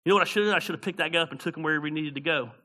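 A middle-aged man preaching a sermon as pastor, swinging from loud preaching to quiet storytelling, with folksy slang. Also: on the high side, racing.

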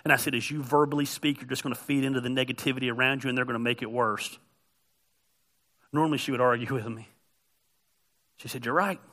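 A middle-aged male pastor giving a conversational, joking sermon that builds to loud, emphatic peaks. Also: medium pitch.

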